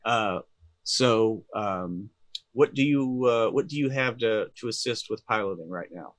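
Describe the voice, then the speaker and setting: A man's voice: on the low side, measured pace, no room sound. A man narrating as game master in a tabletop game, hesitant and full of ums and uhs.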